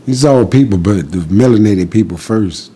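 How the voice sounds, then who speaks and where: A man's voice: on the low side, animated, moderate pace, dark tone, breathy edge. A man giving an impassioned, defiant monologue as a podcast guest, preaching in short repeated declarations.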